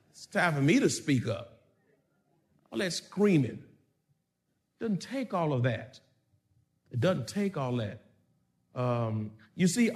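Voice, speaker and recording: Preaching man, call-and-response style. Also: a little high. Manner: preaching with call-and-response questions and rising volume. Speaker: pastor. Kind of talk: sermon.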